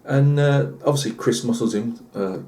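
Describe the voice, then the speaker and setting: Warm and medium-pitched, the host's voice moves at a moderate pace. He's a British man telling a meandering, funny tall tale on his channel, chatty and full of fillers and side comments.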